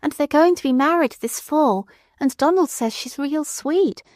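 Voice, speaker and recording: A woman voicing a meek little old lady who speaks gently, quavering through her tears, in an audiobook. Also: high-pitched, normal speed, no room sound, studio quality, voice pushed up, natural voice. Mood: gentle. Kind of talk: audiobook character voice.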